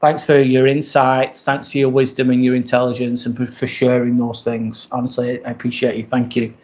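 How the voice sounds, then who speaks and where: A man with a British accent hosts a casual live stream from indoors. His voice sits at an ordinary middle pitch, and his talk is loose and meandering. He keeps thanking the viewers whose comments he reads. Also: moderate pace. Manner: relaxed, rambling, thanks viewers often.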